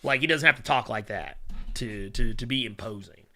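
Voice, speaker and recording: Hosting a laid-back solo show, a man speaks at a normal pace in a medium-pitched, sharp voice. He rambles with frequent fillers, hums while reading viewer chat, and becomes blunt and profane when ranting.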